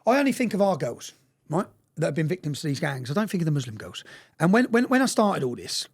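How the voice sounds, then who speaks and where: A man's voice: fairly high pitch, big pitch swings, fast, slightly rough. A man, a guest telling stories with insistent energy and ending his phrases with questioning "yeah?" tags. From England. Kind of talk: impassioned storytelling in conversation.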